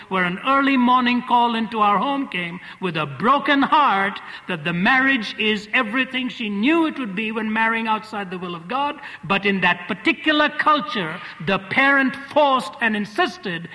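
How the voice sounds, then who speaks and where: A man delivers a sermon as a vivid storyteller, leaning on repeated phrases. His voice is bright and a touch high. A long reverb from the large hall trails every line. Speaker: preacher. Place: large hall before an audience.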